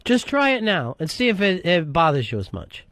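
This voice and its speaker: A male talk radio host pushes and needles in a blunt, profane way. His voice sits a little high for a man. The sound is dry and close into a studio mic. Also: very animated, moderate pace, a bit bright, dry recording. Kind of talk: casual talk radio chat.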